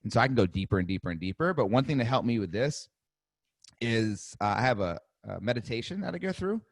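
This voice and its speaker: A man coaching real estate agents in a live webinar, energetic and demonstrative, often acting out sales calls. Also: mid-range voice, fast talker, no echo, studio quality.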